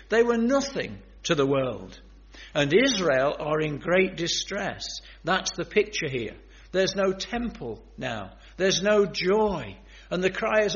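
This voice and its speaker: A man's voice: a little high, fairly bright tone. A man preaching a sermon in an earnest, emphatic way, speaking straight to his listeners. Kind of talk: sermon on biblical prophecy. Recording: dull lo-fi sermon recording.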